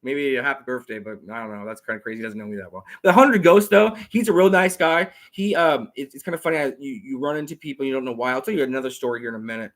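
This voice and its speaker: A man hosting a casual talk show, rambling and repeating himself as he talks fast. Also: mid-range voice. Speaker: host. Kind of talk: casual chat.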